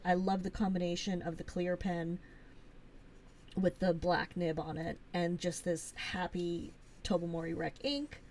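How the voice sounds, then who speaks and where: A woman hosting a casual live stream, chatty and gushing, with lots of fillers as she shows things off. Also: on the low side.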